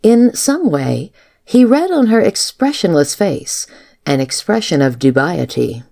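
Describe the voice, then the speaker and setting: Lady reading a novel aloud, low voice, measured and even. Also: vocal fry. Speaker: narrator. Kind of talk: audiobook narration.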